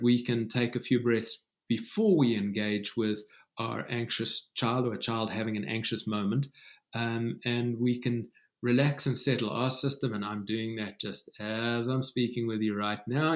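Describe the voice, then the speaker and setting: A man speaking as a guest author in an interview, talking softly and slowly in a soothing way, with many ums and uhs. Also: mid-range voice. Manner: soft, slow and soothing, with many fillers. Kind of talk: calm conversational interview.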